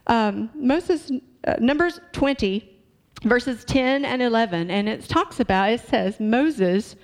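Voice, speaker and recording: A woman's voice: fairly high pitch, animated, slow pace. A woman preaching a sermon in a church, talking conversationally and asking the congregation questions.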